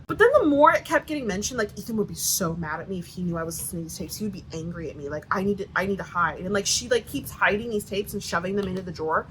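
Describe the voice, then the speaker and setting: A woman's voice: medium pitch, lively intonation, rapid-fire, few pauses, fairly bright tone, slight background noise, poor audio. A woman with a Southern US accent giving a sarcastic, profanity-filled book review rant with lots of "like" fillers. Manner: sarcastic, swears a lot, many "like" fillers.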